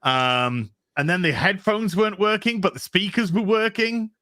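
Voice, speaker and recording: A man's voice: sits high, normal speed, no echo. Male co-host, breathless, rambling storyteller, dry close mic. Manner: rambling, animated storytelling with many restarts. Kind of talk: casual livestream chat.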